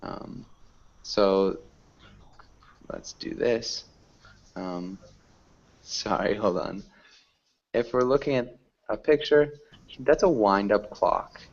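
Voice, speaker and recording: A man's voice: fairly low pitch, lo-fi sound. A man teaching an English class online, patiently asking students questions and explaining words. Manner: patient, slow, asks questions.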